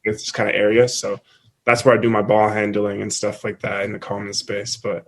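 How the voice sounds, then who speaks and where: A young man from Canada, a college basketball player, chatting casually as a guest in an interview, relaxed and quick to laugh. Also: fairly low pitch. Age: young adult. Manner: laid-back, laughs often, lots of "like".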